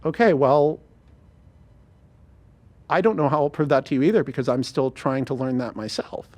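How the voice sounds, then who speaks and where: A man voicing an earnest young man with a disability, in a plain, halting way. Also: mid-range voice, animated, darkish tone, pitched below the performer's own voice, lightly acted.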